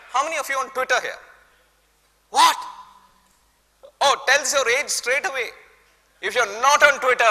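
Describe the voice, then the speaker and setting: A man's voice: high voice, bright, forceful tone. A man with an Indian accent giving a conference keynote, emphatic and repeating key phrases while talking straight to the audience. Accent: Indian English. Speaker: keynote speaker. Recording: reverberant conference hall.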